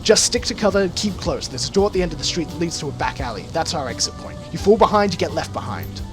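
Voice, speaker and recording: Play a brash young orc girl as a man reading her lines, blunt and sneering, voice leaping high when she panics. Lively delivery over game music. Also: fast, lightly acted. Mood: urgent. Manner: blurting, sneering, panicked shouts. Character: frantic young female orc shadowrunner.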